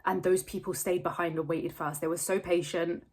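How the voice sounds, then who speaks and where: A woman speaks to camera in a somewhat low, husky voice, close to tears. She tells a personal story candidly and at length, with frequent swearing. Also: fairly even intonation, brisk, a little mellow. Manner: candid, rambling, swears freely. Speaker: vlogger.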